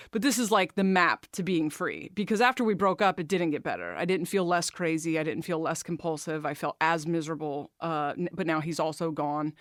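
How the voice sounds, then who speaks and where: A woman's voice: low-pitched, fairly quick, few pauses, no echo, clean studio sound. A woman hosting a podcast, telling a candid, emotional personal story, swearing freely and talking openly about her feelings. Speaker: podcast host.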